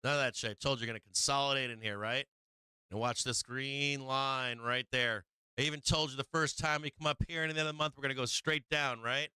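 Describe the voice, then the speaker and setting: A man's voice: mid-range voice, steady tone, brisk, sharp tone, smooth, dry recording, low-quality recording. A man hosting a live market stream, swearing freely, laughing often and repeating himself as he walks through charts. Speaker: market livestream host.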